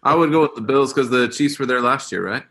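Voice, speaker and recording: A man's voice: mid-range voice, fast, gravelly, fairly bright tone. A man in a casual sports chat, easygoing and hesitant, often restarting his sentences.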